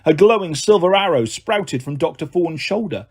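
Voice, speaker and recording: A man reading a first-person audiobook with expressive, dramatic delivery. His voice sits a little high and sounds husky. His pitch moves a great deal from line to line. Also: normal speed. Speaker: audiobook narrator.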